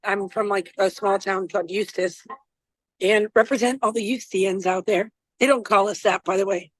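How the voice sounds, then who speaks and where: A woman's voice: mid-range voice, steady tone, moderate pace, no room sound, poor audio. Chatty rambling woman chef, dry sound. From Florida, US. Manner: chatty, rambling, self-deprecating. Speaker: chef and guest. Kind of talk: casual interview chat.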